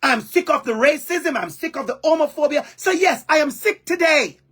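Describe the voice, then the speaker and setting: A man's voice: extremely high pitch, expressive, normal speed, fairly bright tone. A man with a Jamaican accent gives an impassioned keynote speech over a video call, using emphatic repetition. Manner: emphatic, repeats phrases for emphasis. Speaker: keynote speaker.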